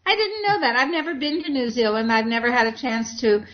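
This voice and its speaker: A woman hosting an online program, choosing her words with care and reacting eagerly to what others say. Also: on the high side. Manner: measured, elaborate wording with eager reactions. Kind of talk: casual online panel talk. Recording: slightly muffled online audio.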